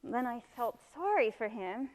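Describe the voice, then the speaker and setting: A woman plays a restless young wife who pours out her feelings in a heartfelt, confessional way. Her voice is fairly high and carries a long reverberant echo. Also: sing-song, unhurried. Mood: confessing. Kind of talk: amateur stage drama.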